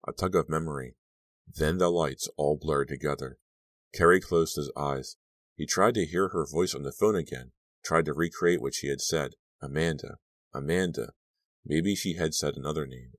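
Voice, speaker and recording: A man narrating a teen horror novel, with measured, brooding storytelling into a close mic. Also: very deep voice, dry recording. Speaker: audiobook narrator. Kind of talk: scripted narration.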